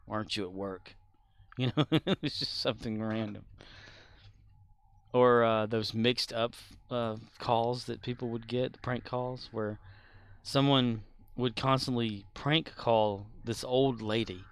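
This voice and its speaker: A talkative man rambles through casual chat while he streams a game, his voice edged with gravelly fry. He sits at a desk microphone, chuckling often as he jumps from story to story. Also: medium pitch, fairly bright tone. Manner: laughs often while talking.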